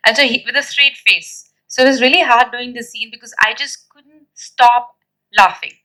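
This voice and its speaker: Woman, high voice, chatty storyteller, press interview. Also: moderate pace, poor audio. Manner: chatty, animated storytelling with fillers and laughs. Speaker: actress at a film press event. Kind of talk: casual press interview chat.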